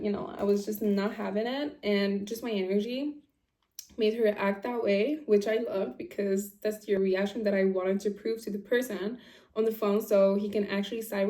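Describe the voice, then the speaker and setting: A woman vlogger with a warm, mid-range voice shares a story in an echoey room. Chatty and emphatic, she keeps saying "like" and laughing along the way.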